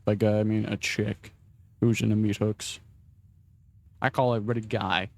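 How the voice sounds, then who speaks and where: A man's voice: fairly low pitch, level tone, moderate pace, creaky. A young man casually rambling and swearing while playing a game, self-deprecating and often restarting his sentences. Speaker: gaming vlogger.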